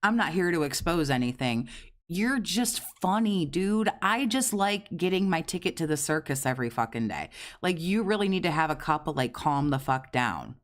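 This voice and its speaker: A man's voice: on the high side, expressive, fairly quick, hardly any pauses, fairly bright tone. A man hosting a reaction commentary, sarcastic and profane as he mocks a streamer. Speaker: commentary host.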